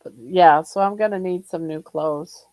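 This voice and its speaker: An older woman from Ohio hosting a casual livestream chat, short of breath, talking in a slow, relaxed way and greeting viewers by name. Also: fairly low pitch, dry recording, rough recording. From Ohio, USA. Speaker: livestream host.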